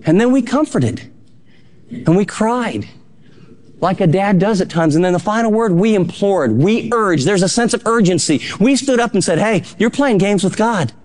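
A man preaching a sermon as pastor, fervent and exhorting, swinging between soft and urgent lines. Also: high voice, animated, normal speed.

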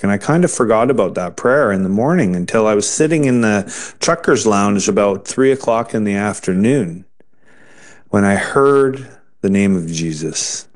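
A man telling his conversion story in an interview, earnest and halting, often restarting his sentences. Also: fairly low pitch. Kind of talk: personal testimony in an interview.

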